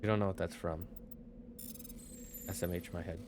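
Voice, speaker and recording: Dude streaming a game, crude jokey banter, game music going behind him. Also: male voice, deep voice, steady tone, normal speed. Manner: crude, joking banter with chat. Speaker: gaming streamer. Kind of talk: casual let's-play commentary.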